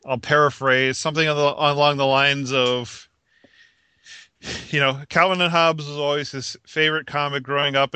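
A man's voice: mid-range voice, bright, forceful tone, clear, resonant tone, no room sound. A man co-hosting a casual podcast chat, rambling with restarts and laughing at his own jokes. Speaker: podcast co-host.

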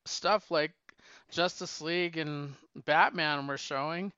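A high, bright man's voice chats eagerly on a podcast, his smooth, crisp tone stumbling over repeated first words. The sound is dry and a little muffled. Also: takes it slowly, no echo. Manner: eager, talkative, repeats words when starting. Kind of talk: casual podcast chat.

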